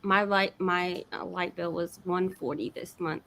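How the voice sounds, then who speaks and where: A woman from Texas in casual chat, lively and emphatic, often agreeing. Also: fairly low pitch, unhurried, creaky, rough recording.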